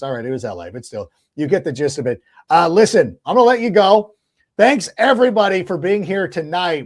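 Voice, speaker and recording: A man hosting a sports podcast, talking casually in a lively, rambling way with restarts. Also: on the high side. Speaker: podcast host.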